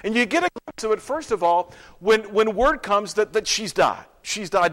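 A man preaching a sermon, acting out scenes and dropping to hushed whispers. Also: high-pitched, expressive, moderate pace, hardly any pauses. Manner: dramatic, swings from loud to hushed whispers. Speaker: pastor.

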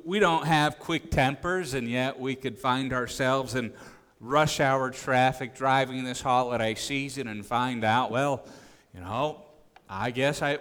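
A man preaching a sermon, acting out quoted voices with sudden rises in pitch and frequent restarts. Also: a bit bright, clear, resonant tone. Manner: acts out quoted disciples with rising voice, frequent restarts. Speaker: pastor. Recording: long hall reverb.

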